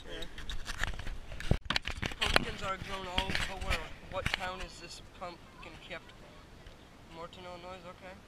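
A man's voice: high-pitched, steady tone, unhurried, pauses often. A man vlogging a family farm outing, teasing the animals playfully and reading signs aloud. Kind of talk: casual handheld vlog commentary. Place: outdoors at a farm orchard. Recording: loud outdoor noise on a camera mic.

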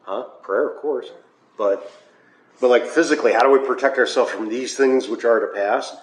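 A church hall Bible study is led by an American pastor with a medium-pitched voice at normal speed. He speaks conversationally with uhs and wry asides, while the room echoes and faint noise lingers.

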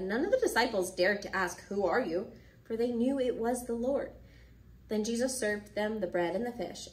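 A woman teaching children at church, reading a Bible story and then explaining it, acting out the characters' lines as she goes. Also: mid-range voice.

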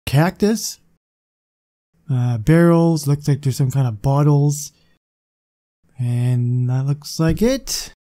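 A young man giving casual, excitable commentary on his gameplay and chatting to viewers. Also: mid-range voice, takes it slowly. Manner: excitable, chatty, talks to the game. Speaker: gaming channel host.

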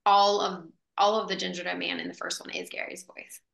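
Bright echoey woman telling a story. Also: lowish voice, a little fast, creaky. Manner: animated, lots of fillers. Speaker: actress guest. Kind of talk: casual storytelling in an interview. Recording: echoey room.

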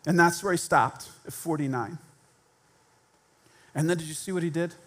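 Man preaching in church, lively and theatrical, voices the people in his stories. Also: on the high side, moderate pace. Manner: animated, acts out quoted voices. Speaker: pastor. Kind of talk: sermon. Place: church sanctuary.

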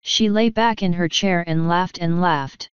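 A woman narrating an audiobook in a calm, even storytelling manner. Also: fairly low pitch, unhurried, smooth, dry recording, muffled recording. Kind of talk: scripted narration.

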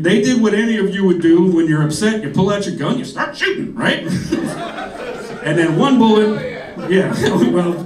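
Rambling stand-up comic in an echoey club. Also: male voice, fairly high pitch. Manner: rambling storytelling with frequent laughs and mimicked voices. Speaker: stand-up comedian. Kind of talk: stand-up set. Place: comedy club stage. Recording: echoey club, mic heard from a distance, crowd laughter. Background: audience laughter.

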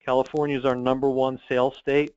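A man's voice: medium pitch, level tone, fast talker, a little mellow, clear, resonant tone, dry recording, highs cut off. A man who owns an online store, talking directly and confidently as a guest in a business interview, with frequent ums. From United States.

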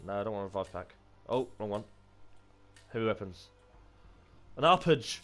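A young British man giving casual commentary while playing a multiplayer game, excitable and swearing freely. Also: fairly low pitch, moderate pace, faint music behind. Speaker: gamer.

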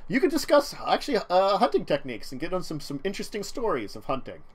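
A man's voice: high voice, wildly swooping pitch, fast, slightly rough. A man running a tabletop game on stream, narrating casually, rambling and laughing often. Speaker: game master.

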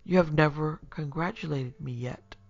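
A woman's voice: deep voice, moderate pace, darkish tone, muffled recording. A woman voicing a feverish, tormented young male student in a storybook tale, rambling and dropping into dread-filled whispers. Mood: cheerful.

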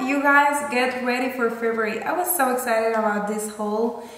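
A woman from Cuba, gushing excitedly through an unboxing haul vlog. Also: fairly high pitch, a little slow. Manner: gushing and excitable, gasping over each item. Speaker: fashion vlogger. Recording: echoey room with long reverb.

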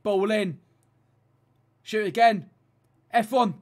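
Gaming creator, man, high-pitched, excitable play-by-play that jumps between mumbles and shouts. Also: slow. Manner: excitable, swings from muttered pleading to loud shouting. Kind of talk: excited video game commentary.

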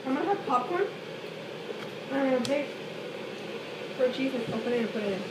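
A woman's voice: high voice, lively intonation, brisk, far from the mic. A young woman in a casual home vlog, teasing and scolding her sister in the kitchen. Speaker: vlogger's sister. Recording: echoey kitchen from off-mic, noisy.

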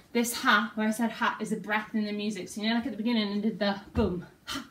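A woman's voice: medium pitch, fairly even intonation, fast talker, hardly any pauses, roomy sound, distant mic, low-quality recording. A young woman teaching a dance routine at home, counting and scatting the moves aloud. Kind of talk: talking through a dance routine. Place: top-floor flat.

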